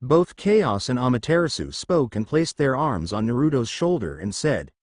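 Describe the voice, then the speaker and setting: A man reads a fan-fiction story aloud, his mid-pitched voice rising and falling in a lively way. The sound is dry and close, with no room around it. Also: moderate pace, no echo. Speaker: narrator.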